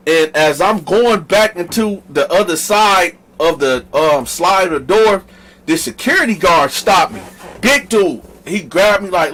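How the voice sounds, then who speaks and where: A man from the northern United States, the host, telling a story in a casual, animated, slangy way straight to his viewers. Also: fairly high pitch, poor audio.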